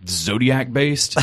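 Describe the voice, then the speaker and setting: A man co-hosting a casual chat, speaking in a measured, thoughtful way with dry jokes. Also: mid-range voice, a bit bright. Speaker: podcast co-host.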